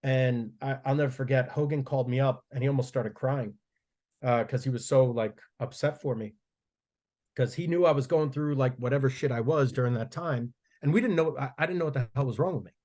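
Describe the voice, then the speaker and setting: A man talks casually as a guest on a podcast, rambling through stories and swearing freely. He restarts his sentences often, at an average pitch for a man. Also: fairly quick, darkish tone. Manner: profane, rambling storytelling with frequent restarts. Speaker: strength coach guest.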